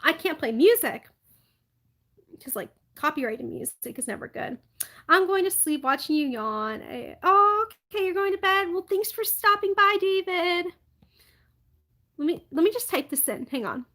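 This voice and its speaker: A young woman with a high voice chats on a live stream, reading viewer comments as she goes. She is bubbly and gushing and fills her talk with "like" and "oh my gosh.". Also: animated, normal speed, sharp tone, rough recording. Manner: chatty, bubbly, many "like" fillers, yawning.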